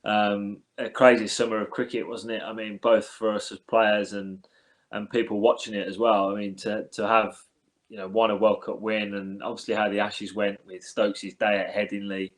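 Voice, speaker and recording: A man in his thirties from England talks casually in an interview, with a somewhat low voice. He is relaxed and hesitant, full of fillers and restarts, and calls the host mate. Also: moderate pace. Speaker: cricketer guest.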